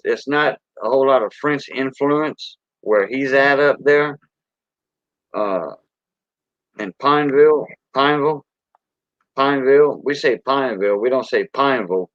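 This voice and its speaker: A man's voice: medium pitch, animated, a little slow, no room sound. Folksy Cajun man on a dull stream. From Louisiana Gulf Coast. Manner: folksy, rambling, chuckling. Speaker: live stream host. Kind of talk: casual live-stream chat.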